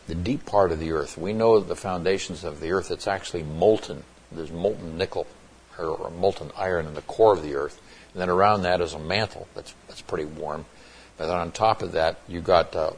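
A man with a very low, husky voice teaches through a scripture passage. He explains word meanings step by step, restarting phrases and stressing key points as he goes. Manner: explanatory, with frequent restarts and emphatic asides. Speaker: Bible teacher. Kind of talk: expository Bible teaching.

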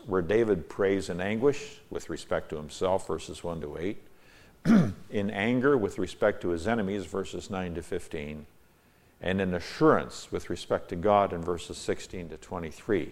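A man with a very low voice reads scripture aloud and stops to explain words in short asides. His reading climbs now and then to emphatic peaks. Then he teaches in an unhurried, conversational way. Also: darkish tone. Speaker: Bible teacher.

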